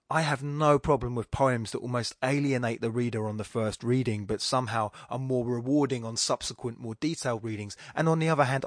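A man hosting a poetry podcast, talking in a chatty, enthusiastic way with a few fillers, then reading verse slowly. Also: medium pitch, no room sound, studio quality. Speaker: podcast host. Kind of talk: casual explanation, then slow poetry reading.

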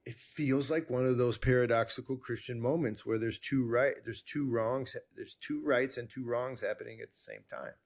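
A man hosting a conversation, telling a personal story in a rambling, animated way with many restarts. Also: medium pitch. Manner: rambling, self-interrupting, animated. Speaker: podcast host.

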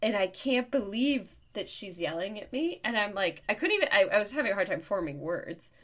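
A woman podcast host telling a story in casual chat, getting louder and more worked up as she goes. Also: brisk. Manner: animated, gets louder and higher as the story heats up. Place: New York.

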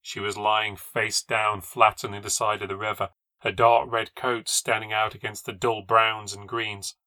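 A man reading a first-person ghost story aloud for a podcast, in a measured, low-key storytelling voice that lifts at tense moments. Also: little pitch movement, bright, forceful tone, no room sound.

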